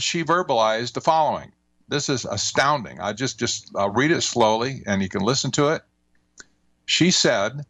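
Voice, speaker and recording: An older man talking as a guest author in a radio interview, measured and emphatic, with folksy turns of phrase. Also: medium pitch, fairly bright tone, no echo.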